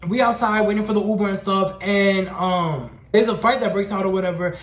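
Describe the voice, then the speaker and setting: A young man telling a storytime tale in an animated, profane, slang-heavy and sassy way. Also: high-pitched, brisk. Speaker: storytime vlogger. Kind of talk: casual storytelling rant. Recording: roomy echoey room.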